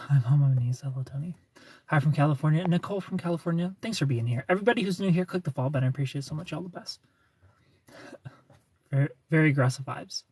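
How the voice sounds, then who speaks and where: A man's voice: a little high, fast, darkish tone, slightly rough, dry recording. Chatty man hosting a livestream. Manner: chatty, reads viewer names and comments aloud; teasing, laughs often. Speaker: livestream host. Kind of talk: casual livestream chat.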